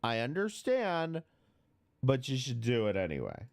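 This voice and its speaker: A man's voice: medium pitch, huge pitch swings, unhurried, gravelly. A man hosting a reaction commentary show, blunt and mocking, swearing often. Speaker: commentary host.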